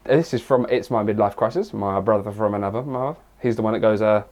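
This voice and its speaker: A man's voice: lowish voice, quick pace, a little mellow. A young English man answering viewer questions in a casual vlog, rambling and crude with lots of jokes. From England. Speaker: fitness vlogger.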